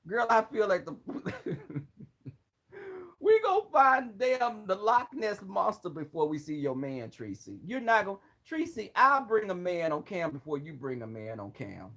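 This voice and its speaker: A man with a high voice gives dramatic, sassy commentary. His pitch swoops up and down a lot. His roasts are animated. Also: unhurried, low-quality recording. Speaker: vlogger.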